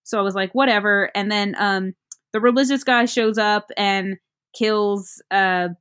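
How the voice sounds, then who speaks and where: A woman in casual chat, recapping a movie plot in a rambling, halting way with many fillers. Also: medium pitch, fairly even intonation, a bit bright, clear, resonant tone.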